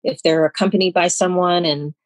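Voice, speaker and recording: A woman's voice: lowish voice, fairly even intonation, fairly quick, dry recording, rough recording. Earnest woman explaining, dry sound. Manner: earnest, explanatory, checks for understanding. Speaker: anti-trafficking expert guest. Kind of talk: informative interview answers.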